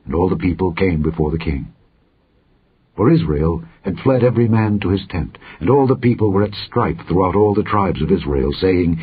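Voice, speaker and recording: A man reading scripture in a measured, dignified manner, in a dull, lo-fi recording. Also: deep voice, animated, breathy edge. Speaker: Bible reader.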